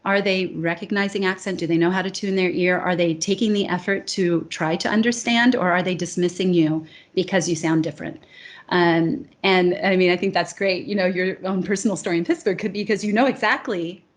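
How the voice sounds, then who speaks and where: A woman's voice: on the low side, fairly even intonation, fairly quick. An American woman, a speech coach and academy founder, talking earnestly in an interview and stacking her points in lists. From United States. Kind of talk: conversational interview.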